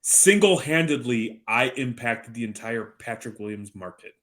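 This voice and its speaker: Expressive and at normal speed, a man in his thirties speaks in a mid-range, fairly bright voice while co-hosting a podcast. The casual chat features long, rambling stories, dry jokes and lots of swearing.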